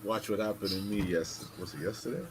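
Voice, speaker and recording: A man hosting a podcast, telling a story in an animated, casual way, with some swearing. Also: lowish voice, a little fast. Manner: animated, swearing, acts out voices in stories. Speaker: podcast host.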